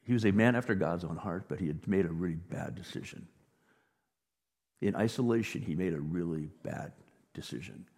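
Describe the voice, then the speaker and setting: Male pastor, sermon; low husky voice, big swings from hush to loud emphasis, reverberant hall. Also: moderate pace. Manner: dynamic preaching, drops to a near whisper and rises to loud emphasis. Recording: long reverb of a large hall.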